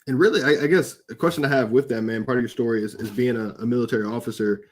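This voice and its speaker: A man's voice: mid-range voice, steady tone, very fast. Male podcast host, casual and upbeat, mid-range voice, friendly "man" in every other line. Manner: enthusiastic, calls the guest "man". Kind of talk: casual interview chat.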